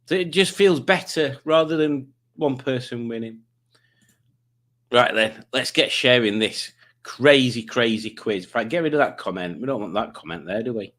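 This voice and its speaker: A man's voice: medium pitch, moderate pace, fairly bright tone. A man hosting a quiz livestream in a rambling, self-mocking, jokey way. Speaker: quiz stream host. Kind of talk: casual livestream chat.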